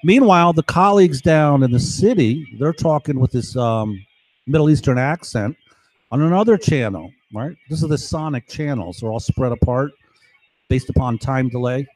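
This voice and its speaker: A man's voice: medium pitch, lively intonation, moderate pace, a little mellow, no room sound. Middle-aged man rambling, dry close sound. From New York, United States. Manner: meandering, keeps asking "right?" and "you know?"; acts out overheard voices in his story. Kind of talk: rambling monologue to camera.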